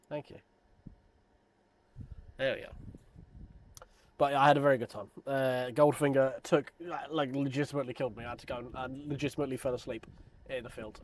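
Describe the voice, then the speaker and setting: Man in his thirties, sim racing streamer, loose self-deprecating chatter, mid-pitched voice. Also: a little mellow, a little hiss or hum. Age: 30s. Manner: rambling, self-deprecating, joking. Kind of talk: casual live stream chat.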